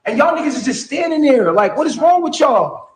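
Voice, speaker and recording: A man's voice: very high voice, animated, a little fast. A man venting in an agitated way, full of slang and repeating "bro". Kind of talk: heated venting to the camera. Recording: echoey archival clip.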